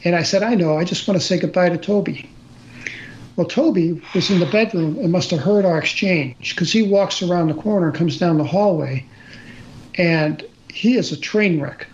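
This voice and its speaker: An older man, a guest storyteller, shares a personal story in conversation with a high-sitting voice at a moderate pace. He is plain and earnest, often restarting and using fillers, and the audio is slightly dull with faint noise.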